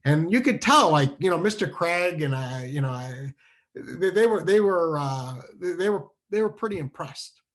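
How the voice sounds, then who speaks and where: A man from New Hampshire telling a childhood story at a virtual storytelling show, animated and full of restarts, acting out the dialogue. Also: fairly high pitch, normal speed. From New Hampshire, USA. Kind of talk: live storytelling over a video call. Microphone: video call microphone.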